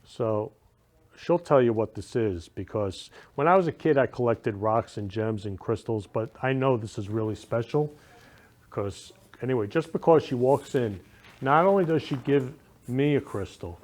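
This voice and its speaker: A man's voice: mid-range voice, moderate pace, darkish tone. A man hosting a casual talk show, gushing and sentimental, showering guests and viewers with affection. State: emotional, near tears. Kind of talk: casual live show chat.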